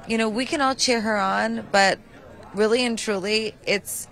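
A woman's voice: on the high side, fairly even intonation, normal speed, gravelly, a bit bright, some chatter behind, poor audio. A woman answering in a red-carpet interview, earnest and heartfelt. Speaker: celebrity interviewee.

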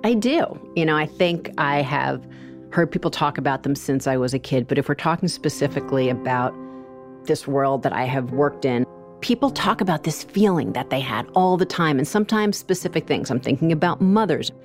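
A woman co-hosting a true crime podcast, explaining the case in a measured, conversational way. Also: low-pitched, expressive, faint music behind.

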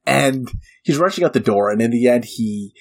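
A man co-hosting a film podcast, retelling the plot in casual, animated chat and often laughing. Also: mid-range voice, normal speed, gravelly, breathy edge. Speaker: podcast co-host.

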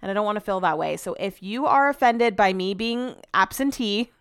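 A woman talks on her podcast in a loose, rambling way, venting with filler words and swearing. Her voice is smooth and clear at a middle pitch, recorded close and dry. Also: moderate pace, no room sound. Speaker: podcast host. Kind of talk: casual chat.

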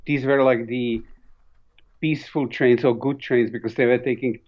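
An accented man recounting stories as an author, animated and full of restarts and fillers. His voice has a mid-range pitch. The recording is dull and lo-fi. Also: moderate pace. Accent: foreign accent. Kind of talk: conversational interview.

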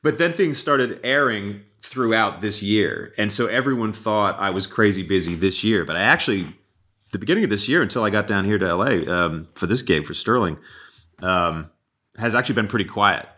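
A man's voice: lowish voice, lively intonation, normal speed, pushed and bright. A man, an actor, chatting casually as a podcast guest, joking and laughing easily. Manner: laughs often, self-deprecating asides.

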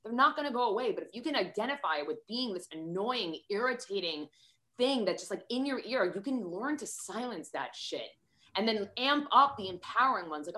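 A woman's voice: mid-range voice, animated, brisk, pushed and bright. A woman hosting a podcast, chatting in a candid, motivational way, swearing freely and acting out her stories. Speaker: podcast host. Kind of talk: casual motivational chat.

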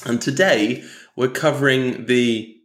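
A man's voice: medium pitch, slow pace, fairly bright tone, roomy sound. A man co-hosting a casual podcast, joking and teasing and laughing often. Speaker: podcast co-host.

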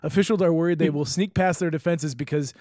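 A young man with a slightly high voice chats loosely on a comedy podcast, rambling and laughing between swears. The sound is dry and close, with no room around him. He tells stories in a loose, joking way. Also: fast talker, a little mellow, no echo. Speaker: podcast co-host. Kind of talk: casual comedic chat.

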